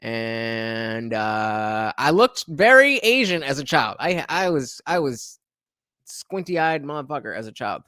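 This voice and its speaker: A man's voice: medium pitch, sing-song, slow pace, sharp tone, dry recording, studio quality. An American man hosting a casual commentary, rambling with many filler sounds and restarts. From United States. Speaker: host reacting to clips.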